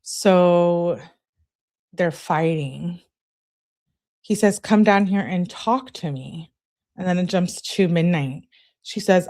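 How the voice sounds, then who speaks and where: A woman's voice: fairly low pitch, darkish tone. A young woman hosting a livestream, reading text messages aloud and breaking in with blunt, slangy asides. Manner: blunt slangy asides, reads texts slowly and deliberately. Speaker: livestream host.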